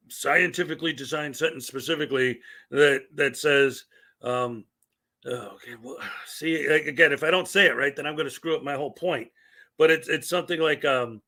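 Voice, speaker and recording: A man's voice: a little high, pushed and bright. A man in his thirties hosting a casual livestream, chatting in a rambling way and greeting viewers in the chat. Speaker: livestream host.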